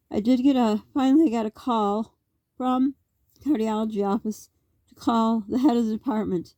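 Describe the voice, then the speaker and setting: A woman's voice: a little high, measured pace, dark tone, no echo. A middle-aged woman from Canada talking straight to camera in a rambling, worked-up vlog monologue, full of rhetorical questions. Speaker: vlogger.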